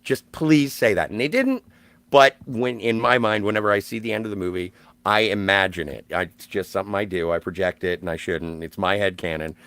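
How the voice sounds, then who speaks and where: A man's voice: fairly low pitch, fairly quick, fairly bright tone, no room sound. Emphatic man, dry close sound. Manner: emphatic and enthusiastic, swears freely. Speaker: podcast co-host. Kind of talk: casual film discussion.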